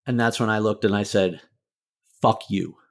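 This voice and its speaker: A middle-aged motivational speaker, guesting on a podcast interview, tells his own hard story candidly and with emotion. His voice is on the low side with fairly even intonation, and he talks fast, swearing freely and filling gaps with "like."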